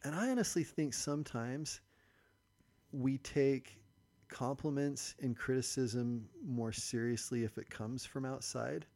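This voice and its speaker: A man's voice: medium pitch, measured pace, darkish tone. A man with a mid-range voice hosts a casual podcast. He lays out ideas thoughtfully, like a coach talking through advice. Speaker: podcast host.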